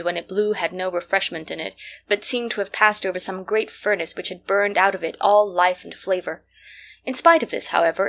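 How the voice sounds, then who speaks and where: A woman reads a classic children's novel aloud. She keeps a measured, steady storytelling pace with plain, clear delivery. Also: medium pitch. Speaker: reader. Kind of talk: scripted narration of a classic novel.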